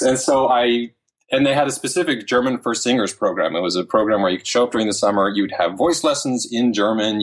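A man in his thirties, a language learning author, chatting casually as an interview guest with lively quoted asides. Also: on the low side, breathy edge. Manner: animated storytelling with quoted asides.

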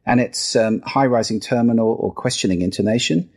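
A man's voice: fairly quick, darkish tone. A middle-aged man from the UK, a guest on an interview show, explaining voice and listening with demonstrations. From United Kingdom. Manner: demonstrative, plays with pitch and register while explaining. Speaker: guest, sound and listening expert. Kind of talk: podcast interview.

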